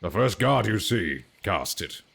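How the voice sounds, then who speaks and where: Laid-back man with a low voice. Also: big pitch swings, a little slow, gravelly, fairly bright tone, breathy edge. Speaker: player. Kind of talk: casual tabletop game chat.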